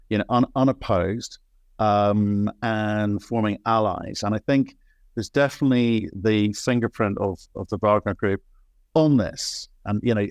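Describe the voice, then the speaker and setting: A man with a lowish voice hosts the interview, wry and chatty, letting his questions wander through restarts. The sound is close and dry. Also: gravelly, no echo. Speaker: interview host. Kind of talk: casual conversational interview.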